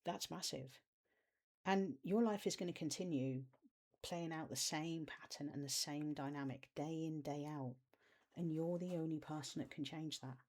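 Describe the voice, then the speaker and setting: A coach of inner child healing talking to camera in a soft, nurturing and encouraging way, with chatty informal asides. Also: medium pitch. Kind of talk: self-help video talk to camera.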